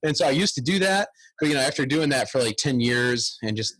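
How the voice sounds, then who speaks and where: A man's voice: medium pitch, expressive, brisk, a bit bright, no echo. A man in his thirties, a guest bagpiper, chatting animatedly in a podcast interview and humming tunes aloud.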